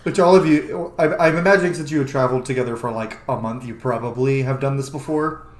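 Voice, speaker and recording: A man's voice: mid-range voice, fast, reverberant. Easygoing man narrating as game master. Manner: relaxed, easygoing description with casual fillers.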